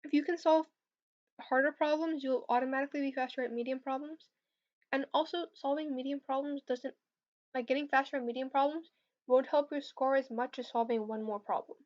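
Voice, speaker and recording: A woman's voice: high voice, steady tone, brisk, darkish tone. A young woman answering viewer questions about competitive programming on a casual livestream, hesitant with lots of fillers. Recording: slightly dull lo-fi stream audio.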